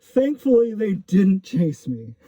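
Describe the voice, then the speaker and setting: A man's voice: high voice, big pitch swings, slow, dark tone, dry recording. A man casually telling a personal story, rambling with lots of fillers and self-corrections. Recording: dull lo-fi recording.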